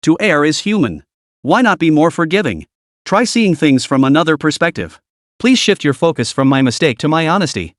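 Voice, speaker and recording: Man doing a composed businesswoman chairman, calm earnest speech, fairly high, very lively, storybook recap. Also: normal speed, no echo, studio quality. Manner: calm, earnest public speaking. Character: composed, remorseful businesswoman chairman, middle-aged.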